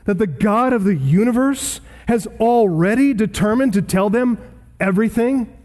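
A man's voice: sits high, lively intonation, moderate pace, a little mellow. A man preaching an earnest, emphatic expository sermon, reading scripture aloud. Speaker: pastor. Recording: long hall reverb.

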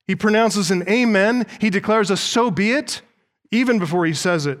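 High-voiced man preaching emphatically. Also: fairly bright tone. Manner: emphatic, asks the congregation rhetorical questions. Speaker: pastor. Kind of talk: sermon.

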